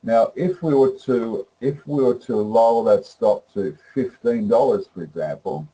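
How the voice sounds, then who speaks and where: Dark husky-voiced man demoing software. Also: mid-range voice, measured pace, highs cut off. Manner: rambling, with many fillers and restarts. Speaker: presenter demonstrating trading software. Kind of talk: live webinar demonstration.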